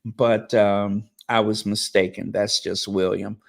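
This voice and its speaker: Slow-talking man thanking his viewers. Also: on the low side, little pitch movement, vocal fry. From United States. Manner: slow, drawn-out, emotional and effusive with thanks. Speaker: channel host reading member messages. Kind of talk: live-stream chat reading.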